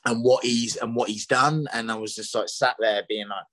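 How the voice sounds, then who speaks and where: With a medium pitch, fairly even intonation and a moderate pace, a middle-aged chef guesting on a podcast rambles casually through his story, restarting often and filling gaps with "you know." His slightly bright voice is captured in a rough recording with no room sound.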